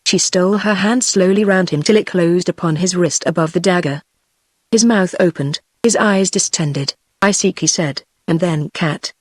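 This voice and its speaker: A text-to-speech voice of a woman with a British accent, narrating an audiobook in an even, measured way. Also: on the low side, no room sound, clean studio sound. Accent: British English. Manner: even, measured synthetic delivery.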